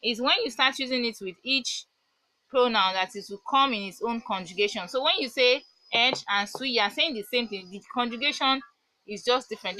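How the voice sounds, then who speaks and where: A woman teaching a beginner French lesson, patiently repeating words slowly to show the pronunciation. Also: fairly high pitch, bright, forceful tone, no room sound, poor audio. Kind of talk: online language lesson.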